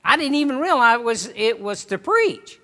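High, bright-voiced man telling his testimony. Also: big pitch swings. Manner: folksy storytelling, halting restarts. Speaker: missionary preacher. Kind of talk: personal testimony to a congregation.

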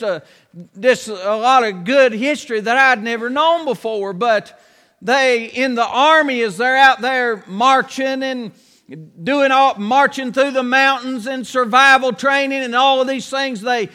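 A man's voice: extremely high pitch, sharp tone. A man preaching a sermon in a folksy storytelling way. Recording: long hall reverb.

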